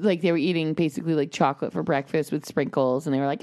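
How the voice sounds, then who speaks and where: A woman's voice: on the low side, quick pace, no room sound, clean studio sound. A woman in her thirties, a podcast host, telling a family story in casual chat and acting out what people said. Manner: animated storyteller, acts out quotes.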